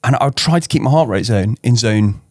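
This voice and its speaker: Rich: A man with a northern English accent chats on a running podcast, mid-pitched and relaxed in delivery. He pokes fun at himself, trips over his own words and laughs them off. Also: a little fast. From northern England. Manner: self-deprecating, joking, restarts often. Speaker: podcast co-host. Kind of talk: casual podcast chat.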